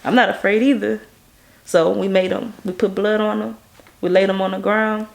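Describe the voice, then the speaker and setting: A woman from Baton Rouge speaks with a gravelly, fry-tinged edge in her voice. She tells stories in a casual interview as a music video director, with animated energy. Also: moderate pace. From Baton Rouge, Louisiana. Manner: animated, acts out quoted people in a higher voice.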